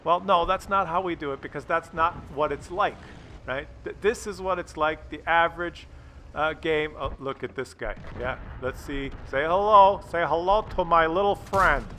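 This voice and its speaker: A man's voice: a little high, moderate pace, pushed and bright, a little hiss or hum. A man giving casual gameplay commentary, ranting and swearing, with many fillers and restarts. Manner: filler-heavy, restarting phrases. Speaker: gaming channel host.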